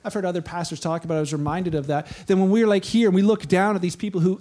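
A pastor with a fairly high voice preaches a casual, conversational sermon. He tells the story in an animated way, slipping into the voices of the people in it. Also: racing.

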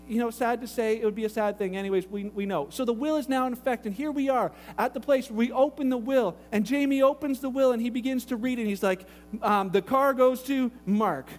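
A man preaching a casual, conversational sermon as pastor, telling everyday stories with joking asides. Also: extremely high pitch. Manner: informal storyteller with joking asides. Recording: long hall reverb, faint hum.

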